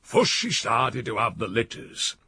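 A man's voice: mid-range voice, wildly swooping pitch, measured pace, gravelly, sharp tone, breathy edge, full character voice. A man voicing a sly, drink-loving old countryman uncle, in an audiobook reading. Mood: rueful. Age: older.

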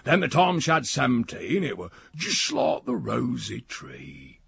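A man's voice: mid-range voice, huge pitch swings, measured pace, creaky, fairly bright tone, full character voice. A man voicing a sly, drink-loving old countryman uncle, in an audiobook reading. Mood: rueful. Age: older.

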